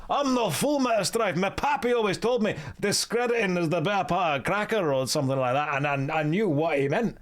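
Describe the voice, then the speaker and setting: A boastful male dwarf spins a rambling tale in a thick Scottish brogue, put on by a man reading game dialogue. The voice sits high and folksy. Lively and eager to impress, he wanders off track as he goes. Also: a little fast, hardly any pauses.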